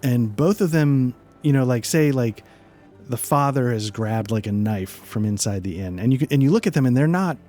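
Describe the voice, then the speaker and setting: A man narrating as game master, relaxed and hesitant, with frequent fillers. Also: medium pitch, normal speed, faint music behind.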